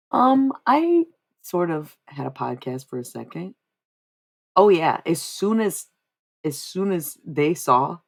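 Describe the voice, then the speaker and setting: A young woman livestreaming, chatting casually and giving psychic readings, rambling and repeating herself with frequent laughs. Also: low voice. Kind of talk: casual live-stream chat.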